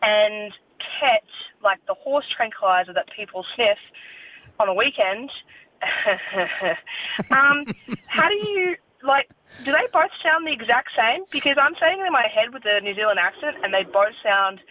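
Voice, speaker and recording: A woman's voice: a little high, lively intonation, unhurried, pauses often, no echo. A woman calling a podcast hotline, chatty and teasing, giggling as she leaves her message. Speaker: caller. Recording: tinny phone line.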